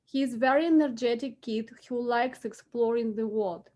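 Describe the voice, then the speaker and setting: A woman's voice: fairly high pitch, normal speed, mellow. A woman in her forties with a Belarusian accent, English not her first language, giving earnest, emotional testimony at a public hearing over a remote call. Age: 40s.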